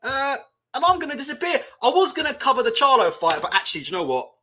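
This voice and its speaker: On a casual boxing stream, a young man swears, rants and keeps laughing in a very high, sing-song voice that's fast, bright and forceful. There's slight background noise.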